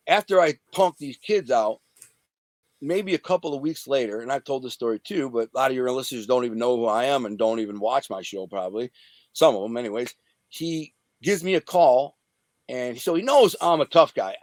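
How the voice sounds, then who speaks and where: A man from the Detroit area telling rough, profane stories from his past in a casual, animated way as an interview guest. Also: mid-range voice, no echo. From Detroit area, USA. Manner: streetwise, profane, animated retelling. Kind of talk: casual storytelling.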